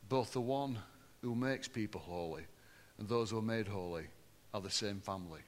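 A man preaching a sermon to a congregation, swinging between loud, lively passages and low, hushed ones. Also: normal speed, a little hiss or hum. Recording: long hall reverb.

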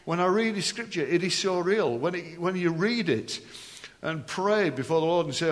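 A man preaching a sermon, animated and joking with the congregation between readings. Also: fairly high pitch, moderate pace. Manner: animated, jokey asides with the congregation. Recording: long hall reverb.

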